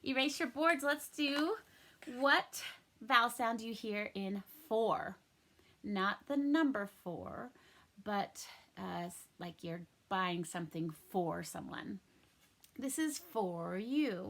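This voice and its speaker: A young adult woman teaching a recorded first-grade phonics lesson, cheerful and clearly enunciating each sound. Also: mid-range voice, expressive, fairly bright tone. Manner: cheerful, slow and clearly enunciated, sings and plays at pirate sounds.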